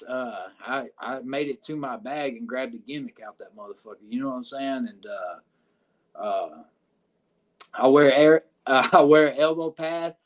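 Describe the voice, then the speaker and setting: A man, a wrestler guest, telling a story in casual, profane speech with lots of fillers, over a video call. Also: mid-range voice.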